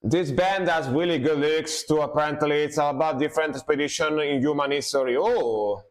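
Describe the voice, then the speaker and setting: Reacting to music on a live stream, this man speaks briskly in a voice on the high side. He thinks out loud, fumbles foreign words, and cheers on the riffs with excited exclamations.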